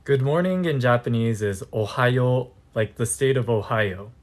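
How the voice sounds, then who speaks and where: A young man who teaches language on short videos gives a comedic lesson recorded on a phone, playful and jokey and packed with puns. His voice is medium in pitch and unhurried.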